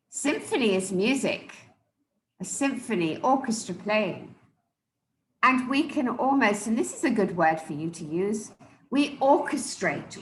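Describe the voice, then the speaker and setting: A woman's voice: medium pitch, slight background noise. Emphatic woman coach in a roomy hall. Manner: emphatic and deliberate, repeats key words. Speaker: public speaking coach. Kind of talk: live speech evaluation to an audience.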